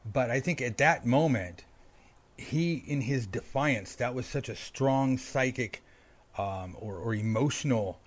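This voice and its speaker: A man's voice: mid-range voice, a little slow. A man co-hosting a casual podcast chat about a film, acting out characters' lines as he tells the story. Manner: animated, acts out characters' lines. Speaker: podcast co-host.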